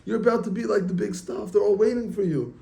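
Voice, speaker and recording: A man's voice: sits high, fast talker, creaky, mellow, pitched above the performer's own voice. A man voicing the evil inclination, a male tempter spirit who eggs the listener on to show off. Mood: coaxing. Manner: egging on, pushy.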